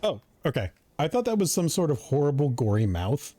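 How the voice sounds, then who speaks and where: A male streamer giving casual commentary on a game, playful and expressive. His pitch moves a lot, and his tone is mellow and relaxed. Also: fairly quick, faint music behind.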